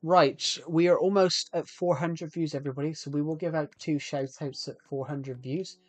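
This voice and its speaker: A man casually narrates his game for viewers in a slightly higher voice. He rambles and trips over his sentences. The sound is close and dry. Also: fairly even intonation, moderate pace, dry recording. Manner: rambling, frequent restarts, chatty with viewers. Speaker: streamer. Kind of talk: casual live game commentary.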